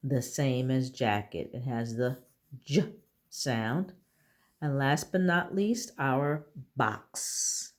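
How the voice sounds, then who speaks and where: A woman's voice: very deep voice, extremely slow. A woman teaching a phonics lesson to young children, patiently sounding out letters and words. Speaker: kindergarten teacher.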